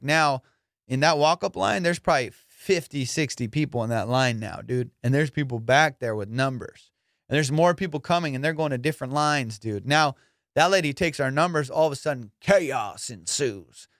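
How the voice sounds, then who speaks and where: Profane, animated male comedian telling a story. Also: medium pitch, dry recording, studio quality. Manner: profane, animated, acts out voices. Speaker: comedian podcast host. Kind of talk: casual storytelling.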